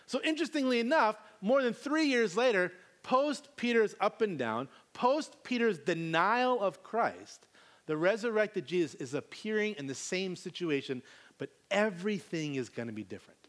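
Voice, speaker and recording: A man's voice: high voice, lively intonation, normal speed, a bit bright. A man preaching a sermon, reading scripture and then retelling it in a casual, conversational way with slangy asides.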